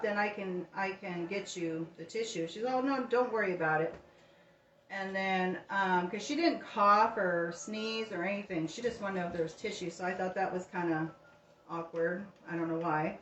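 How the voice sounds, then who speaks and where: A woman's voice: mid-range voice, a little hiss or hum. A middle-aged woman hosting a home cooking channel, telling a story casually and acting out the dialogue. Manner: chatty, animated retelling with quoted dialogue. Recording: roomy, distant, dull home recording.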